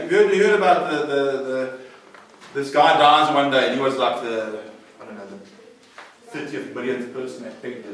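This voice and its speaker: A man teaching a faith-based recovery class, animated, repeating phrases and questioning his listeners. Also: mid-range voice. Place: large room at a recovery centre. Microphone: distant room mic. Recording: echoey hall, distant mic.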